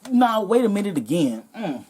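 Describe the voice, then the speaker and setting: Here is a woman vlogger spinning a funny story from behind a store counter. She talks casual and sassy, swearing freely, with an animated, expressive delivery at a middling pitch. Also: normal speed, breathy edge.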